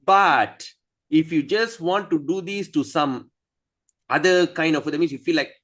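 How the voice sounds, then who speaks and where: A man teaching a scripture study class, telling stories in a playful, animated way. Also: on the high side, measured pace.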